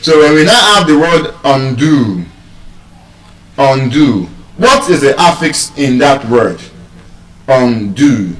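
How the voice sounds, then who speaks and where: A man giving a live lesson on word stress, deliberate and teacherly, repeating key terms. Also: on the high side, expressive, fairly bright tone. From Nigeria. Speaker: English language teacher. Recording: roomy sound, mic far off.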